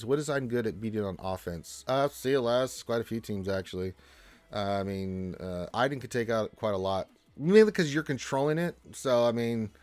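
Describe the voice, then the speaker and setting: A man's voice: mid-range voice, dry recording. A man hosting a casual livestream, reading viewer questions and answering in a loose, chatty way with many fillers and restarts. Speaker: livestream host.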